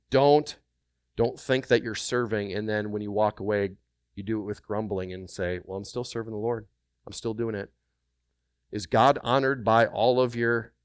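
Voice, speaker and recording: Resonant, animated male preacher. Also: mid-range voice, smooth, dry recording, clean studio sound. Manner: animated, emphatic preaching with repeated phrases and rhetorical questions. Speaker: pastor. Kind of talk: sermon.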